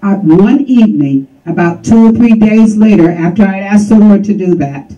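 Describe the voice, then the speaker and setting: A woman giving an animated testimony as an interview guest, acting out quoted dialogue. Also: medium pitch, normal speed, recorded from a distance, muffled recording. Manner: lively, acts out dialogue and laughs often. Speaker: guest telling her testimony.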